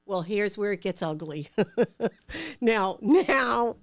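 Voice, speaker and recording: Middle-aged new york lady spinning animated stories, plays out the voices. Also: mid-range voice, takes it slowly. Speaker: interview guest. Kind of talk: casual storytelling.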